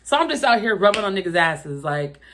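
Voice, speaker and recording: A young woman retells a personal drama straight to camera, swearing freely and punching key moments with loud, incredulous outbursts. Her voice sits in a middle pitch and moves in a relaxed, conversational rhythm. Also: brisk, a little hiss or hum. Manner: profane, animated retelling with exaggerated quoted outbursts. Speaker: storytime vlogger. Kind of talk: casual storytime vlog.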